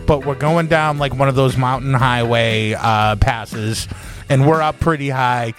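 A man co-hosting a podcast, telling crude animated stories with lots of swearing and laughter. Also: mid-range voice, measured pace, music in the background. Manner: profane, animated storyteller, laughs often. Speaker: podcast co-host. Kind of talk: casual crude banter.

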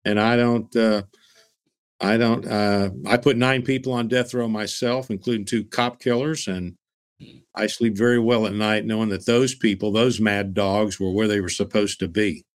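A man's voice: lowish voice, fairly even intonation, normal speed. A man co-hosting a podcast in casual chat, giving firm and blunt opinions as a former prosecutor.

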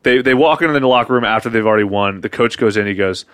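A man's voice: on the low side, very fast, clean tone, dry recording. A man in casual comedic chat, improvising a long made-up story and acting out the voices in it with plenty of swearing. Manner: animated, profane, acts out quoted voices in his stories.

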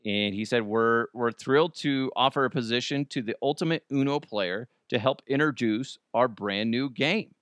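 A man's voice: mid-range voice, normal speed, hardly any pauses, fairly bright tone, clean tone, dry recording. Rambling self-mocking man, dry close sound. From Colorado. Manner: rambling, self-deprecating, jokey asides. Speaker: podcast host. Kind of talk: casual solo chat.

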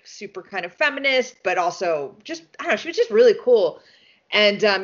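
A woman's voice: on the low side, a bit bright. A woman being interviewed in a casual chat, talking animatedly, swearing freely and laughing often. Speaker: interview guest. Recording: dull lo-fi sound.

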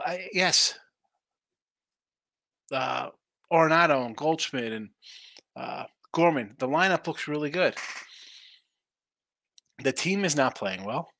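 A man with a bright, slightly raised voice hosts a live betting stream, musing over each game in a loose, conversational way. He often starts a thought, breaks off, and asks himself questions before answering them. The sound is dry and close, with no room around it. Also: on the high side, no room sound. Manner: thinks aloud, restarts, answers own questions. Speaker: sports betting show host.

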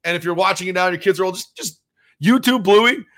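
A man's voice: high-pitched, quick pace, fairly bright tone. A man hosting a solo podcast, talking casually and rambling with plenty of fillers as he shares his reactions as a father. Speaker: podcast host.

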